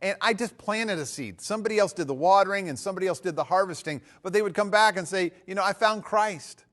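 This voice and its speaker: Chatty male teacher, slightly high voice. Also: fast talker. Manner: conversational, frequent "uh" fillers and restarts; animated storyteller. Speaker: church speaker and teacher. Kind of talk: teaching talk with personal stories.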